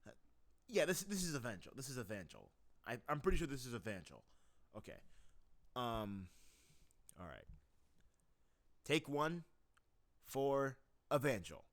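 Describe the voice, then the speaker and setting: A man's voice: mid-range voice, very animated, unhurried, pauses often. A man casually talking through his voice acting practice, rambling and self-deprecating as he laughs at himself. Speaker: voice acting hobbyist.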